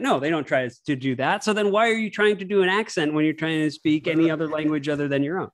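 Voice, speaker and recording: A man's voice: on the high side, fast talker, hardly any pauses. A man with a slightly raised voice talks in a loose, rambling way, stumbling and restarting as he chats. He drops in swear words freely. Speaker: podcast guest. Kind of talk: casual chat.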